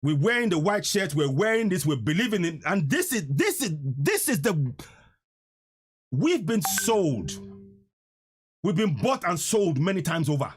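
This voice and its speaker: A man's voice: sits high, big pitch swings, measured pace, pauses often, slightly rough, soft background music. A man hosting a live stream, delivering a fiery, emphatic political rant and repeating lines for effect.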